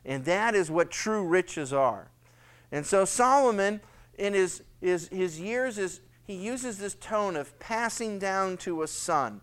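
Animated pastor, high clear male voice. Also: slow pace. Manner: conversational, animated, voices Solomon's pleading as a father. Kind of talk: sermon, Bible study.

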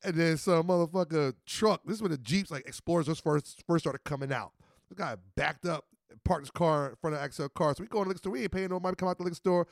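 Fast-talking gravelly New man. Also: on the high side. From New Jersey. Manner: animated, profane street-slang storytelling. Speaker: podcast host. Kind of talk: casual storytelling chat.

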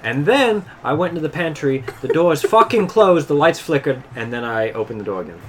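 A tabletop player talks with a lively, swinging voice, swearing freely and cracking exasperated jokes. A faint hiss sits under the recording. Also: medium pitch, fairly quick. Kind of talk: playing a tabletop game.

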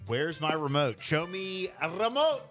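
A man's voice: fairly high pitch, animated, normal speed, music in the background. A man hosting a call-in game show on the radio, upbeat and laughing easily.

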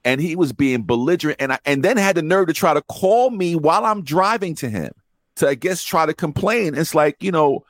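A man telling rideshare driver stories in casual podcast chat, profane and animated, acting out the voices of people he quotes. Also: on the high side, brisk, dry recording, clean studio sound.

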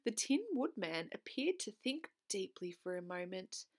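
A woman narrating a children's book aloud in an expressive storytelling manner, with occasional stumbles. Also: medium pitch, a little slow.

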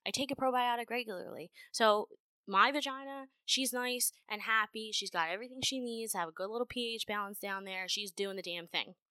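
Young adult woman podcast host, dry close mic, brash, profane, loud bursts of emphasis. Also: fairly high pitch, brisk, clean tone, dry recording. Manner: blunt, profane and animated, with frequent laughter. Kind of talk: casual solo podcast monologue. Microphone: home podcast microphone.

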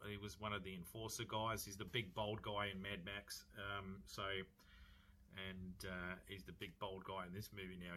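Bright-voiced Australian man chatting casually. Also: on the low side, slight background noise. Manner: chatty, rambling, jokey asides. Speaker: film reviewer. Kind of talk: casual film review.

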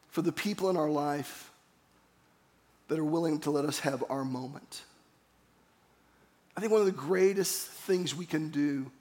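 Man, pastor, sermon in a church, earnest storytelling, fairly high voice. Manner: earnest, storytelling, calls for congregation responses.

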